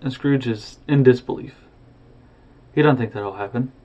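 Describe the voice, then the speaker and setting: A man's voice: medium pitch, normal speed, dark tone. A man retelling a story casually and expressively, with sound effects, on a dull lo-fi recording.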